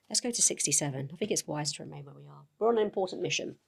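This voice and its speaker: A woman playing through a gamebook, reading it aloud briskly and steadily with casual asides between choices. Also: low-pitched, animated, gravelly, slightly rough. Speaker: gamebook player. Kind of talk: reading a gamebook aloud with own play comments.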